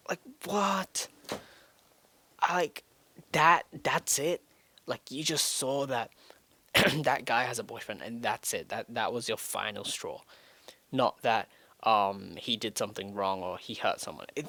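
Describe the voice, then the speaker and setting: A man's voice: fairly low pitch, a bit bright, no echo. A teenage boy rambling through a frustrated personal rant, his voice rising in sudden outbursts. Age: teens. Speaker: vlogger. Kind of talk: emotional rant to camera.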